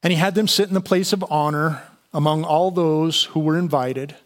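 A man with a slightly higher voice delivers a relaxed, conversational sermon. He walks through the scripture passage, stopping to explain it with plenty of "you know" and small restarts. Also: moderate pace. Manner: conversational Bible teaching with fillers and restarts. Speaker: pastor.

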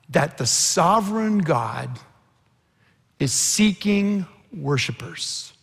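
A pastor preaches a sermon, retelling a scripture story with earnest intensity. His voice sits a little high, with a gravelly edge and a fairly bright tone. A long reverb, as from a large hall, surrounds it.

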